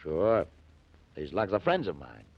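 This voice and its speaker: This is a gruff, slangy crook in a 1940s radio drama. The voice is low and raspy and swings widely in pitch. The old recording sounds dry and muffled. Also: male voice, wildly swooping pitch, a little slow, no echo, full character voice. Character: gruff crooked fence, tough-talking.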